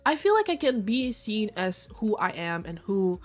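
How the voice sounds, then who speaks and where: A young woman chatting on a stream in a candid, rambling way, swearing freely and now and then jumping into shrill excited bursts. Her pitch sits in an ordinary middle range, and soft music plays faintly behind her. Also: moderate pace. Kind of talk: casual chat.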